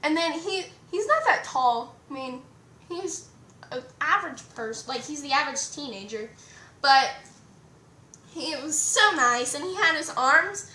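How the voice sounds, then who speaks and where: A teenage girl vlogging a rambling, excited story with lots of "like" and fillers. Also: sits high, measured pace, slight background noise. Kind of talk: casual storytime vlog. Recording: echoey room.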